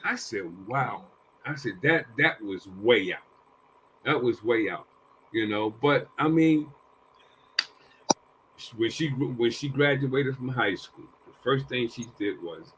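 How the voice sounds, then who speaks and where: An older man with a bright, forceful voice recounts family memories in a relaxed, conversational way. He keeps restarting and repeating his phrases, and he raises his voice whenever he acts out what someone said. His pitch sits in an ordinary middle range for a man. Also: slow, pauses often, a little hiss or hum, low-quality recording. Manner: acts out quoted dialogue with a raised voice. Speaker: panel guest. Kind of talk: casual storytelling.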